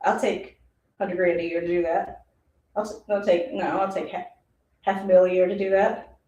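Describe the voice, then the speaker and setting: A woman's voice: fairly low pitch, flat delivery, moderate pace, mellow, lo-fi sound. A woman streaming a casual live football reaction, chatty and rambling, who laughs often. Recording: roomy, distant mic.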